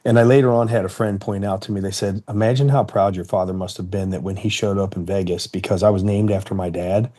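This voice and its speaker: A man in his fifties from Ohio, telling a personal story in an interview in a measured, earnest way. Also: sits low, fairly even intonation, warm tone. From Cincinnati, Ohio, United States. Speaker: interview guest, retired fighter.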